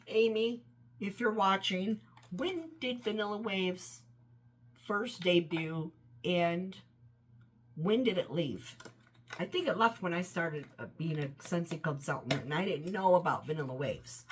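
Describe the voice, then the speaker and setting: A woman's voice: lowish voice, unhurried, a little hiss or hum. A woman casually reviewing wax scents, rambling and enthusiastic, trailing off often, her voice tired and run down. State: voice tiring, run down. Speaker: home fragrance vlogger.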